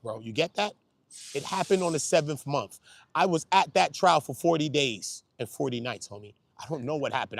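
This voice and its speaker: A man with a Brooklyn accent, a YouTube commentator in a slangy, emotional monologue, swinging from low, quiet talk to loud, high outbursts and often asking if you hear him. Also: dry recording. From Brooklyn, New York. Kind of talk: emotional casual monologue to camera.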